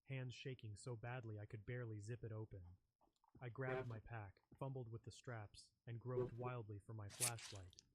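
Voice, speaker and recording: A man reading a scripted first-person horror story in a measured, ominous way. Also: mid-range voice, darkish tone. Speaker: narrator. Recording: noisy background with clicks.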